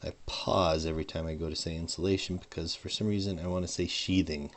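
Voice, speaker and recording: A man's voice: low-pitched, fairly even intonation, fast talker. A man narrating his hardware soldering as he works, mumbling and trailing off mid-thought, at a home workbench, leaning in and out from a desk microphone. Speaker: hobbyist modder. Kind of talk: casual narration while soldering.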